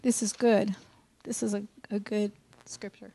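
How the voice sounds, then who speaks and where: A woman's voice: mid-range voice, flat delivery, unhurried, gravelly, warm tone, no room sound. A woman teaching a sermon, reading scripture with emphasis and mixing in earnest, folksy asides. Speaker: Bible teacher.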